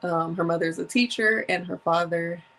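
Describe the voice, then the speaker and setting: A woman's voice: lowish voice, steady tone, moderate pace, a bit bright, low-quality recording. A woman in her thirties hosting a solo podcast, chatting casually and reading from her notes, with a runny nose from allergies. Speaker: podcast host.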